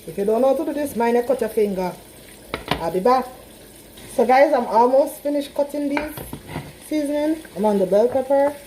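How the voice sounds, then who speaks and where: A woman with a Trinidadian accent talks expressively at a normal speed, her voice high-pitched, as she cooks in her home kitchen for a casual vlog aimed straight at her viewers. There's background noise, including a pan frying and sizzling.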